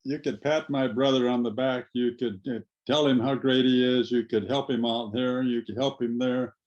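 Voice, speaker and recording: A man's voice: medium pitch, steady tone, normal speed, darkish tone. Man, plainspoken, repeats phrases, muffled lo-fi call audio. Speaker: memorial speaker, brother of the deceased. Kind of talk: casual remarks over video call.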